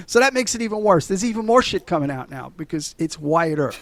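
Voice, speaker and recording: Retelling movie scenes on a podcast he co-hosts, this middle-aged man laughs, swears frequently, and keeps the chat casual. His high voice swings widely in pitch and runs a little fast.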